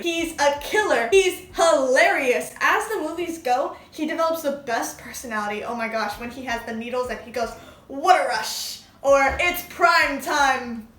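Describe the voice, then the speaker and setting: Gushing young woman, high voice, echoey room. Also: a bit bright. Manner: gushing, enthusiastic, chatty. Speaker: vlogger. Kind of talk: casual crafting vlog chat. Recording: echoey room, mic at a distance.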